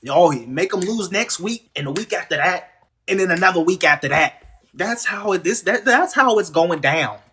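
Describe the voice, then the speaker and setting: A man's voice: high voice, expressive, normal speed, bright, forceful tone. Heated, sarcastic man ranting. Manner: repeats words and restarts often. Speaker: wrestling show reviewer. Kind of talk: casual ranting show review.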